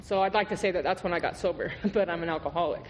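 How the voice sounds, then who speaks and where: A high-voiced man talks fast while delivering his recovery testimony as a guest speaker, candid, profane, and punctuated with laughter. The meeting is recorded in a reverberant hall where faint noise can be heard.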